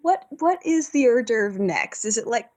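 A woman co-hosting a podcast, casually reacting to a recap with quick, wry comments. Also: a little high, sing-song, darkish tone. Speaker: podcast co-host.

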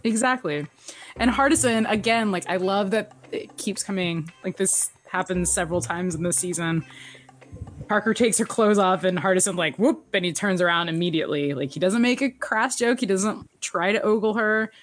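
A woman co-hosting a podcast, chatting casually about a TV episode with frequent laughs and quick asides. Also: mid-range voice, soft background music. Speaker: podcast co-host. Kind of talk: casual chat recapping a TV episode.

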